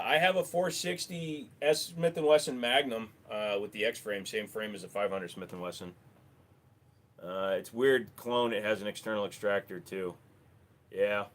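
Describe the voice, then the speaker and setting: Rambling man hosting a livestream. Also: fairly low pitch. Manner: rambling, offhand, swears freely. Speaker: livestream host. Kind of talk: casual livestream chat answering viewers. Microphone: desk microphone.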